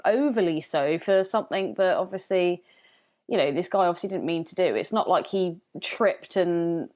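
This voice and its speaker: A woman's voice: medium pitch, a little mellow. A woman co-hosting a podcast in casual chat, blunt and emphatic, swearing freely. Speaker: podcast co-host.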